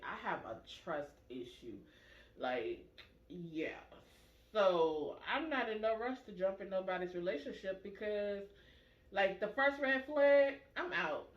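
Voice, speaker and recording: A woman hosting a casual chat, telling stories with animated acted-out quotes. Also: medium pitch, normal speed. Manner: animated storyteller, acts out quoted voices. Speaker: vlog host. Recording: echoey room, muffled sound.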